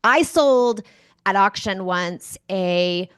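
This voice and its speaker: A woman guest on an interview show, answering questions as an enthusiastic, animated storyteller. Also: medium pitch, drawn-out words, clean tone, no room sound, studio quality. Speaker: guest speaker. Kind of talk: conversational interview.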